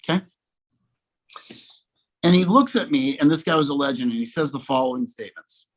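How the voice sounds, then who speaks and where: A man telling a casual story as a guest speaker on a video call, animated and repeating "okay?" as he goes. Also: medium pitch, fairly quick, pauses often, poor audio. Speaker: guest speaker in a sales coaching session.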